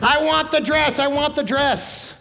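A man voicing a screaming little girl throwing a tantrum, making shrill wailing demands. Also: a little slow, gravelly, pushed and bright, heavily acted. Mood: whiny screaming.

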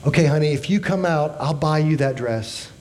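A worn-out mother pleading gently with her child, soft and soothing, as a man puts her on. Her voice sits a little high and stays hushed. She sounds eager to calm things down. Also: normal speed, slight background noise, natural voice. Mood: coaxing.

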